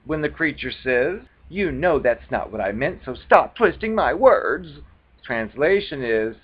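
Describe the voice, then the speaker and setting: A man's voice: medium pitch, dull audio. A man reading phrases from a book aloud and mocking them in casual, scornful commentary. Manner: scornful, mocking, loose and conversational. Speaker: video blogger reading from a book.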